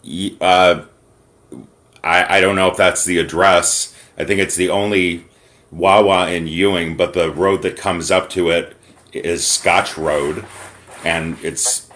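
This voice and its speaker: An American man making an angry complaint call over the phone, emphatic and pausing to choose his words. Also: low-pitched, steady tone, fairly bright tone. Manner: indignant, emphatic, pauses to pick words. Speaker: caller reporting to corporate. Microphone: phone call recording.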